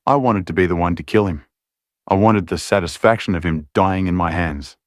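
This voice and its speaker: A man narrating a dramatic romance audiobook, reading the prose and voicing the dialogue with strained, raised pitch. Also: normal speed, dry recording, clean studio sound.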